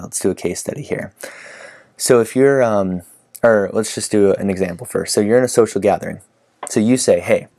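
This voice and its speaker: A dating coach speaks casually to camera, giving instruction in a conversational style, acting out sample lines, and leaning on plenty of fillers. His voice is fairly low with a darkish tone.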